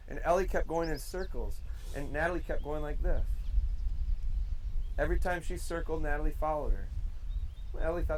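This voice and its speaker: A man explains dog training outdoors in a folksy, plain-spoken way, acting out commands now and then. His voice sits a bit high for a man, with a mellow, soft tone. A faint hiss of noise stays behind him. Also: brisk, low-quality recording. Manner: folksy, demonstrating commands in varied tones. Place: outdoors in a field.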